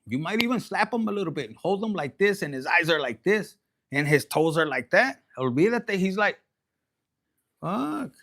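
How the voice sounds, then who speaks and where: A man giving a casual livestream tarot reading, profane and animated, dropping into Spanish slang. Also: high voice, brisk. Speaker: tarot reader.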